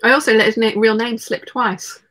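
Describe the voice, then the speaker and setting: A woman's voice: fairly high pitch, fairly even intonation, a little fast, fairly bright tone. A woman hosting a casual livestream from home, reading out chat messages, laughing often and talking while she eats. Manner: chatty, laughs often, talks while eating.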